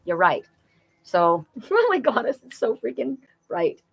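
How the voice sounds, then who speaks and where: A woman hosting a live spiritual card reading, talking in a chatty, animated way with frequent exclamations. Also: a little high, a little slow, vocal fry, husky, poor audio. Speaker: oracle card reader and host.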